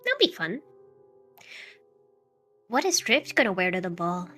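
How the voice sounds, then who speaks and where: Woman, tabletop player, bright, forceful, playful, excitable. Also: medium pitch, measured pace, soft background music. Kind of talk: tabletop role-play chat.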